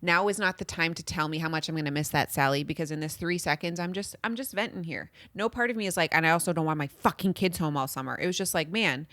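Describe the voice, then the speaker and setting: A woman's voice: low voice, fast, hardly any pauses, a bit bright, no room sound, studio quality. A woman in her thirties co-hosting a casual podcast, candidly venting about parenting and swearing freely. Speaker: podcast co-host. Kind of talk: casual chat.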